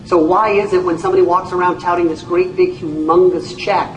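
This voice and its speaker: A man with a high voice gives a lively sales pitch at a whiteboard, making his points with jokes and stories. He is recorded from some way off in an echoey room, with a faint hum of ambience behind him. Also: brisk, distant mic. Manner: lively, jokey, tells stories to make points. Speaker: presenter at a whiteboard. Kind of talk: sales presentation.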